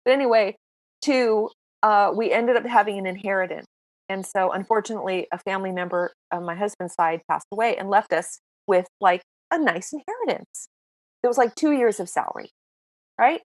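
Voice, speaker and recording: A woman in her sixties, a podcast guest telling stories in a casual, lively, self-mocking way. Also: medium pitch, fairly quick, no echo. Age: 60s. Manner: lively, self-mocking storyteller who acts out dialogue. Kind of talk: casual interview storytelling.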